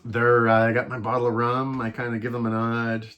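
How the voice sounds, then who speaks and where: A man casually telling a travel story, rambling and animated, with many restarts and fillers. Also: medium pitch, fairly quick. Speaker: travel vlogger.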